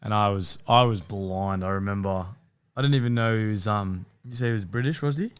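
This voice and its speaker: A laid-back man whose lower voice comes through very smooth and resonant. He is blunt and drops swear words while teasing his mate. His tone stays easygoing, like a podcast co-host chatting casually. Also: a little fast. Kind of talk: casual racing tips chat.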